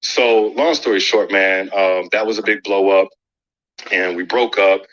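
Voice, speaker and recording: A man being interviewed, candidly recounting a personal story in a calm, conversational way. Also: low voice, unhurried, muffled recording. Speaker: interview guest.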